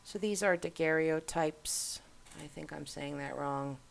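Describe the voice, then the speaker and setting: A woman's voice: low-pitched, unhurried, vocal fry. A middle-aged woman hosting, giving casual commentary while browsing on screen and musing aloud as she goes. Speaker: host.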